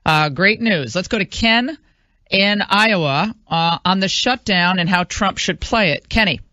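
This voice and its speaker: A woman hosts a talk radio show with a bright, forceful voice. She talks in a chatty, emphatic way, full of fillers. The sound is dry and a little muffled. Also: medium pitch, measured pace, no room sound. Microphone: studio microphone.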